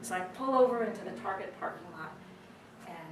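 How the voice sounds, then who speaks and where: A woman giving an animated, dramatic storytelling speech at a speaking club, with pauses for effect. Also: mid-range voice, noisy background. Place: meeting room. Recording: roomy distant recording with faint ambience.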